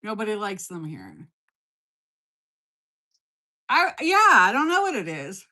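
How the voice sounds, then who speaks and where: A woman's voice: mid-range voice, huge pitch swings, slow, sharp tone. A woman hosting a casual cooking livestream from her kitchen, reading out viewer comments and answering them in a blunt, teasing, playful way. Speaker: livestream host.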